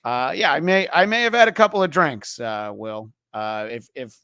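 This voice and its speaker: A podcast host speaks at medium pitch and normal speed, expressive, pushed and bright, with a clean tone. The dry, clean studio recording catches him chatting casually, rambling with lots of fillers and restarts.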